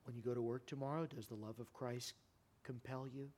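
A man preaching a sermon in a church, impassioned, his voice climbing high and loud, then sinking to a quiet, earnest plea. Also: steady tone, a little fast. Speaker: pastor. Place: church sanctuary.

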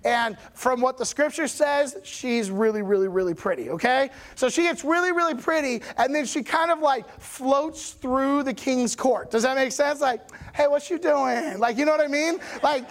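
A man teaching a Bible lesson in a chatty, animated storytelling way, often checking in with his listeners. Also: very high-pitched, normal speed, hardly any pauses.

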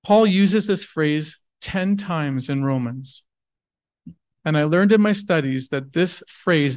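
A man's voice: a little high, no echo. A man preaching a sermon in an earnest, emphatic way, asking rhetorical questions and then answering them. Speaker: pastor.

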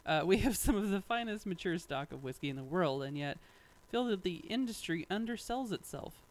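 Guy with a slightly high voice, reading out whiskey notes, dry jokes and laughs. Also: expressive, a little fast, rough recording. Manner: wry, laughs often, drifts off mid-sentence. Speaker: podcast co-host. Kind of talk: casual chat, reading statements aloud.

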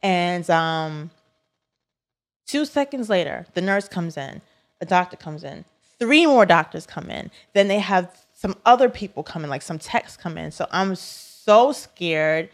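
A young woman co-hosting a podcast, telling a personal story in a casual, animated way with many "like" fillers. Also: on the low side, unhurried. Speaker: podcast co-host.

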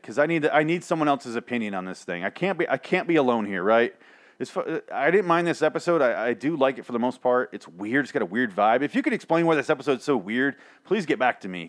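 A man hosts his own podcast and rants through a recap of a TV episode. He swears freely and vents his exasperation in outbursts. His voice sits in an average pitch range for a man. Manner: profane, ranting, exasperated. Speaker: podcast host. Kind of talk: solo TV recap rant.

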